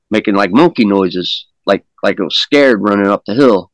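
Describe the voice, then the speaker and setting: Dull audio without any echo captures a man with a lowish voice talking at normal speed, barely pausing. He's an interview guest casually describing an encounter, using plain-spoken, folksy grammar, rambling and repeating words as he goes.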